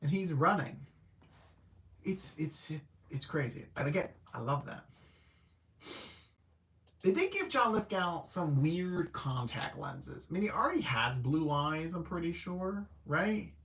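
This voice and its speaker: A man's voice: on the high side, very animated, unhurried, fairly bright tone. A man hosting a casual livestream movie review, rambling and correcting himself as he thinks aloud. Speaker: film reviewer host.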